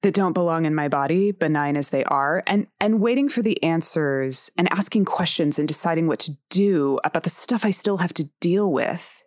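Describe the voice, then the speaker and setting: A woman in her forties talks on her tarot podcast in a low voice. She speaks frankly and candidly, swears freely and laughs easily. The recording is dry and close. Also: normal speed, few pauses, a little mellow, dry recording. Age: 40s. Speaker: podcast host. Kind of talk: personal tarot podcast monologue.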